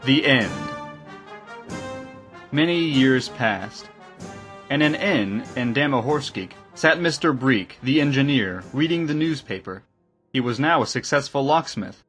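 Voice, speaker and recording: A man reading an audiobook aloud in a measured, steady narration with a husky voice. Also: mid-range voice, soft background music.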